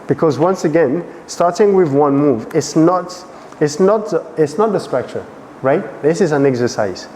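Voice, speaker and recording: French-accented male dance coach, lively workshop teaching, reverberant room. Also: fairly high pitch, normal speed, slight background noise. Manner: animated, asks frequent check questions.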